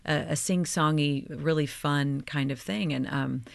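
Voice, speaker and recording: A woman's voice: sits low, measured pace, gravelly, no room sound. A woman actor from Oklahoma, chatting animatedly in an interview with frequent fillers. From Oklahoma, United States. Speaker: actor guest. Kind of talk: conversational interview.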